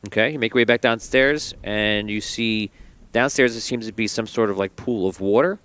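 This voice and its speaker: A man narrating calmly as game master of a tabletop game, with casual fillers. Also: lowish voice. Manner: calm, measured scene narration with casual fillers.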